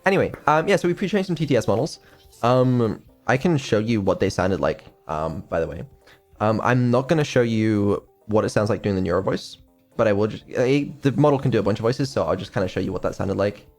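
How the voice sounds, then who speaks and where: A man's voice: on the low side, expressive, fairly quick, faint music behind. A man chatting casually on a stream, rambling and offhand with lots of ums and casual swearing. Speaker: streamer and developer.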